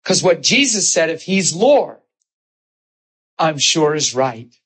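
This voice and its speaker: A middle-aged man preaching a sermon, telling personal stories with emotion and animated quoted voices. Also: a little high, takes it slowly, breathy edge, low-quality recording.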